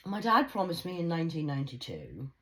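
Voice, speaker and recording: Intense woman, lively delivery. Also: low voice, fairly quick, rough recording. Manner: intense, emphatic, swings between loud outbursts and hushed asides; confiding, addresses viewers directly. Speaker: vlogger. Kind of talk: emotional personal monologue to camera.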